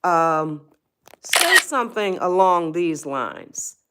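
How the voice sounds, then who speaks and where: A woman's voice: lowish voice, sing-song, slow, heavy background noise. A middle-aged woman, hosting a casual motivational livestream and talking straight to her viewers in a folksy way. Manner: folksy, talks straight to viewers, answers chat. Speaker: livestream host giving life advice.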